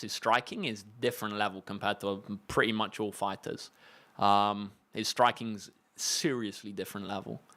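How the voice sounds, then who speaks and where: A young man with a British English accent, a maths tutor answering viewers' questions in a relaxed, chatty livestream with plenty of fillers and restarts. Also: lowish voice. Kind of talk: casual livestream Q&A.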